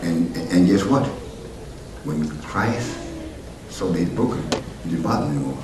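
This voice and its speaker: Deep-voiced preacher in an echoey church. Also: male voice, lively intonation, moderate pace. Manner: preaching, rising to loud emphatic peaks; conversational asides and questions to the congregation. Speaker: pastor. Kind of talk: sermon. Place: church sanctuary. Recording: roomy church hall from far off, noisy.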